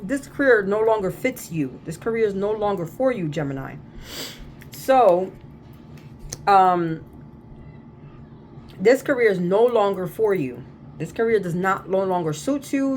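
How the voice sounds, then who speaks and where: A woman reads tarot in an easygoing, repetitive way, circling back to the same point again and again with emphatic reassurance. Her voice sits at a middle pitch, and her throat sounds slightly scratchy. A faint hum of noise runs under the recording. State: slightly irritated throat, coughing at times. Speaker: tarot reader. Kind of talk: casual tarot reading to camera.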